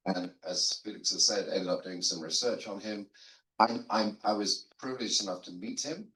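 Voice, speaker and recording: A man's voice: on the low side, moderate pace, pushed and bright. Older man telling stories in a roomy room. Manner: rambling, self-deprecating storytelling with frequent restarts. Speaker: guest theologian on a seminary panel. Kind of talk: conversational panel talk. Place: seminary lunch room. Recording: roomy echo.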